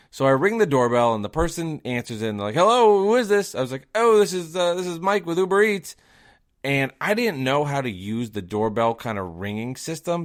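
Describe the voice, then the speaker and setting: Give me a casual male podcaster with a mid-range voice, chatty and self-deprecating. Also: medium pitch. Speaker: podcast host. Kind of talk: casual storytelling.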